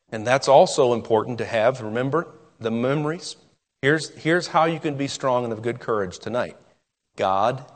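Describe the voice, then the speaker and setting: Male preacher, earnest, drops to soft pauses for emphasis; long hall reverb. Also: medium pitch. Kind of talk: sermon.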